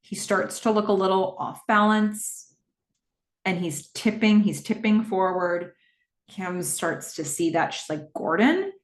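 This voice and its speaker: A woman hosting a podcast, recapping a TV episode scene by scene in a casual, animated way with frequent laughs. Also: mid-range voice, measured pace, echoey room. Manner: animated, laughs often, acts out the characters' lines.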